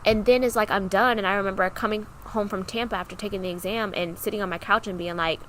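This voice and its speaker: A young woman co-hosting a podcast, talking openly about her own hard times in a clear, bright voice at an ordinary pitch. She tells it with lively, acted-out dialogue. Faint noise sits underneath. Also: quick pace, poor audio. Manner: animated, acts out remembered dialogue. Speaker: podcast co-host. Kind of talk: candid personal storytelling.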